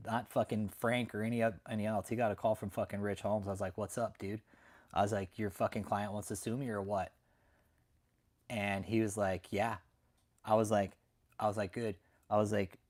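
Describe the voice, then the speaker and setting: A young adult man who hosts a channel tells his viewers a story as a brash, profane, casual rant, his voice lowish with a darkish tone.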